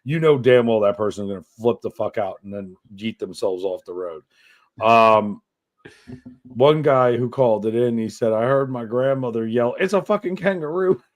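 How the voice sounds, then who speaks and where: A man co-hosting a podcast, reading odd news stories aloud in a profane, animated way. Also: on the low side, normal speed. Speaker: podcast co-host.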